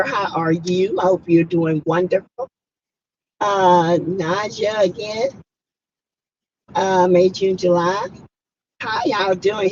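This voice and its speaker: A hoarse woman, chatting casually and emphatically on a livestream and greeting viewers by name. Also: fairly low pitch, darkish tone, slight background noise. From South Carolina. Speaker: livestream host. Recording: muffled lo-fi audio.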